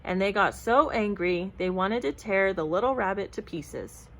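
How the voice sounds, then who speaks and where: A woman reading a children's picture book aloud in an expressive, even-paced narration. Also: medium pitch, normal speed, slight background noise, poor audio. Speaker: storyteller. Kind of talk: storybook read-aloud.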